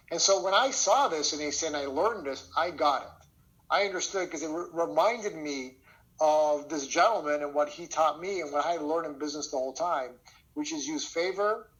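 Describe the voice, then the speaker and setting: A man's voice: on the high side, poor audio. A man teaching a sales lesson over a video call, telling stories with energy and often checking in with "okay?". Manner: energetic storytelling, frequent "okay?" check-ins. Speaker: sales trainer. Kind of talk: online training lesson.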